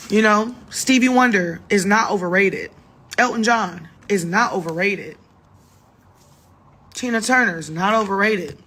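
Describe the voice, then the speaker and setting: A tipsy woman in her thirties talks into her phone late at night, rambling and swearing with emphatic punch. Her pitch sits mid-range for a woman, loose and chatty. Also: a little slow, a bit bright, husky. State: a little drunk. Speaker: singer livestreaming to fans. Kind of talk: casual late-night livestream chat. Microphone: phone livestream.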